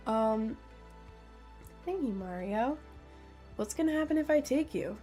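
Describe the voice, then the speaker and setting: A giggly young woman streaming live, her voice sitting a little high as she chats. She reads viewers' questions out loud and answers them in a playful, easygoing way. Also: animated, unhurried, pauses often, soft background music. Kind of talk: casual live-stream chat.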